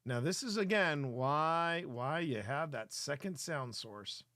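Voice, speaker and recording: A man's voice: a little high, lively intonation, slow pace, sharp tone, dry recording, studio quality. A man hosting a live paranormal show, reviewing footage with playful, chatty commentary and an easy laugh.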